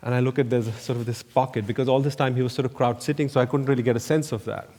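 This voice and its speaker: Rambling architect in an echoey hall. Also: male voice, mid-range voice, fairly even intonation, fast talker, warm tone. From India. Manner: anecdotal, rambling, many "you know" fillers. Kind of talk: lecture with slides. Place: lecture hall. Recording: echoey lecture hall reverb.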